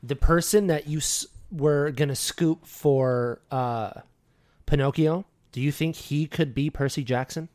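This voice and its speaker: A man's voice: on the high side, unhurried, a little mellow. A man co-hosting a podcast, rambling through opinions with jokey asides. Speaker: podcast co-host. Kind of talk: casual chat.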